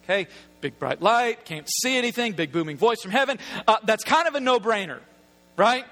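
A man delivers a sermon in a strikingly high, sharp-edged voice. He talks casually and with humor, as if chatting with the congregation. Key points come back as emphatic, repeated phrases. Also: expressive, normal speed. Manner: casual, humorous, conversational preaching. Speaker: preacher.

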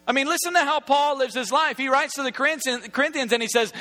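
Very high, bright-voiced male preacher. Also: fast talker, few pauses. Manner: casual, humorous, conversational preaching; emphatic, repeated phrasing. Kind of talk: sermon.

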